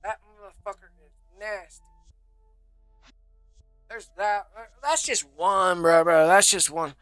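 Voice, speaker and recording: A man's voice: high voice, slow pace, pushed and bright, clear, resonant tone, dry recording, soft background music. A man rambling through a casual, profane story on a live stream, saying "bro" constantly.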